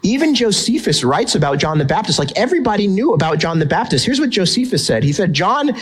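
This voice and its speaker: Man, pastor, sermon, fairly high pitch, emphatic, conversational, rhetorical questions. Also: big pitch swings, fast, slightly rough, faint music behind, rough recording.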